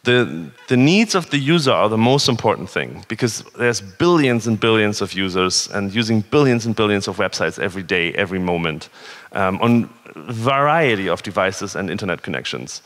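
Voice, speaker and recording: A man's voice: on the low side, lively intonation, normal speed, a bit bright. A man from northern Germany giving a conversational, earnest conference talk with rhetorical questions. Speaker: conference speaker. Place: conference hall. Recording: reverberant hall.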